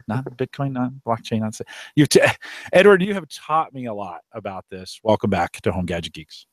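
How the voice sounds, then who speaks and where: A man with a lowish voice hosts a live tech podcast in loose, rambling chat. He restarts his sentences often and keeps a friendly, offhand flow. The sound is dry and close. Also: a little fast, no room sound. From Omaha area, United States. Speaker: podcast host. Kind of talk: casual live show chat. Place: outdoors on a deck.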